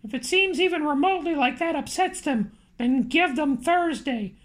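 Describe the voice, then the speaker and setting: A nervous, eager young man talks quickly, a little stammering, as a woman narrator reads him. The voice stays high and close to the reader's own. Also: lively intonation.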